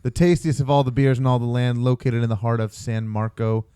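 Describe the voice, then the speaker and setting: A man's voice: medium pitch, fairly even intonation, a little fast, mellow, clean tone, dry recording, clean studio sound. A man co-hosting a casual podcast, joking and teasing his friends. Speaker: podcast co-host. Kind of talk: casual banter.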